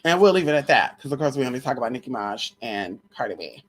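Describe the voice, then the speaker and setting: A woman's voice: extremely low pitch, sing-song, fast talker. A woman hosting a live stream, chatting casually about celebrity spirits with a sassy, brash, slangy manner and plenty of swearing. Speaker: livestream host. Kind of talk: casual spiritual gossip chat.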